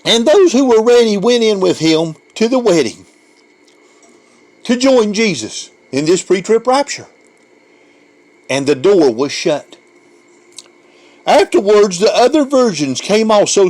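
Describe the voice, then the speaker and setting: A man's voice: high-pitched, animated, measured pace, darkish tone. A man preaching an emotional sermon, fervent and given to repeating words as he pushes on.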